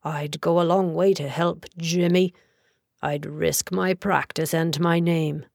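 A woman's voice: low-pitched, steady tone, slow, vocal fry, a little mellow, no room sound, clean studio sound, full character voice. A woman voicing a grey-bearded senior male solicitor, loyal and curt, in an audiobook. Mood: earnest. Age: older. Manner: curt, earnest.

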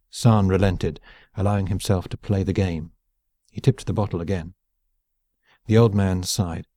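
A male audiobook narrator with a very low, dark voice. He reads steadily and evenly, close to the mic in a dead-dry room. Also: steady tone, moderate pace, long pauses, no echo. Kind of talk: scripted narration.

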